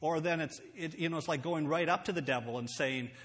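A man preaching a sermon, earnest and emphatic, slowing down to read scripture aloud. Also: on the high side, fairly bright tone. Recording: long hall reverb.

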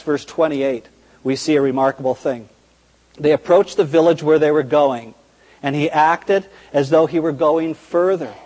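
A man's voice: on the high side, darkish tone, breathy edge. A male preacher delivering an earnest, emphatic sermon in a church. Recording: reverberant church hall.

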